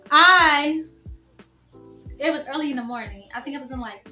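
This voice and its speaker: A young woman in her teens telling a dramatic personal story as a vlogger, emphatic and animated, talking straight to her viewers. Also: high voice, moderate pace, echoey room, soft background music. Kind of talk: storytime vlog.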